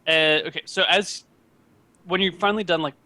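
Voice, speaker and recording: A man narrating as game master in a tabletop game, casual and halting with many fillers. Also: sits high, fairly even intonation, bright, forceful tone, no echo.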